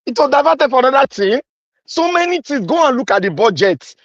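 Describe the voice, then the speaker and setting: A man's voice: extremely high pitch, very animated, fairly quick, a bit bright, no echo, lo-fi sound. A Nigerian man delivering an impassioned, accusatory political rant, repeating his points with heat. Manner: fiery, accusatory, repetitive. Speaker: commentator.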